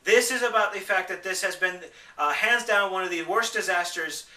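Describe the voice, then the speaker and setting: A young man ranting to camera in an upset, emotional way, sometimes mocking other people in high voices. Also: moderate pace, pushed and bright, roomy sound, far from the mic. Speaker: vlogger. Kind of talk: upset personal rant to camera.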